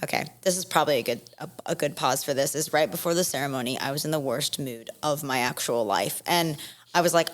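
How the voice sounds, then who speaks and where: Young woman, lowish voice, animated casual storyteller who acts out the quotes. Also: fairly quick. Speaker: podcast guest.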